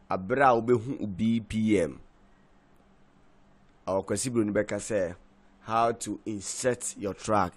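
A man giving a software tutorial as a DJ, talking haltingly with many fillers and switching into Twi. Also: on the low side. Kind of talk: screen-recorded software tutorial.

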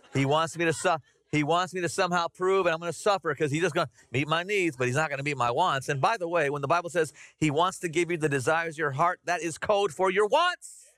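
A middle-aged man preaching a conversational, animated sermon to his congregation. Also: fairly high pitch, fairly quick. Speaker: pastor. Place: church sanctuary.

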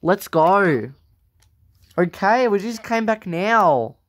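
A woman acting out a doll role-play and switching quickly between many squabbling characters. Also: mid-range voice, expressive, a little hiss or hum.

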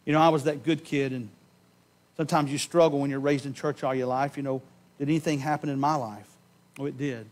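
A man preaching a sermon in a church, giving an impassioned personal testimony that swings from loud emphasis to hushed tones and slows on key words. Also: mid-range voice, fairly even intonation. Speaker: pastor. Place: church sanctuary.

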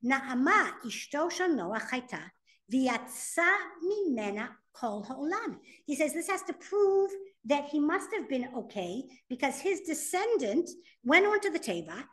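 A woman's voice: high voice, a little slow. A woman teaching a class, reading sources aloud and translating them as she explains. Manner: animated, reads Hebrew text then translates. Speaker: Torah teacher. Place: classroom with students.

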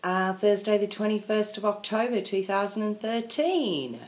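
A woman's voice: mid-range voice, expressive, normal speed. A woman venting in a casual video diary, rambling and apologetic. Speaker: vlogger. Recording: echoey room.

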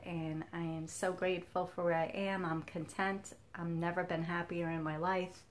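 A woman in her fifties talking candidly to camera as a cross stitch vlogger, telling a personal story and laughing often. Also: fairly low pitch. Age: 50s.

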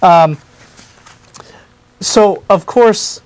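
Man doing an old-world Spanish inquisitor: put-on Spanish accent, halting, earnest lecture voice. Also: high voice, voice pushed up. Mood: earnest lecturing. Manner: halting, many filler pauses, earnest lecturing. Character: male Spanish Inquisition official from 1400s Spain. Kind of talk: in-character monologue on a talk show.

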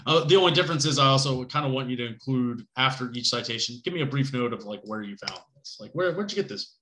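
Male college instructor, bright tone, loose chatty delivery, roomy echo. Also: medium pitch, fast talker. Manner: casual, conversational, lots of fillers and "right?" checks; joking asides. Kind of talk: recorded class lecture.

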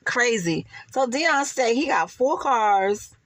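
A woman runs a casual gossip commentary, sassy and full of laughs. Her voice sits fairly high and swoops up and down with lively expression. The sound is dry and close, with no room echo. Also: slow pace. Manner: sassy, laughing, calls listeners honey and child.

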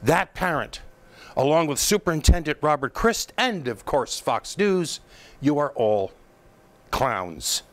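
A man's voice: a little high, expressive, a little slow. A man hosting a political commentary show, talking in an emphatic, scornful monologue that mocks his targets and often restarts his sentences.

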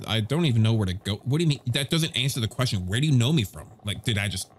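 A goofy gaming streamer, a man riffing over his game in a casual let's-play. His pitch swings widely as he jokes and stammers through asides. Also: lively intonation, fast talker, few pauses.

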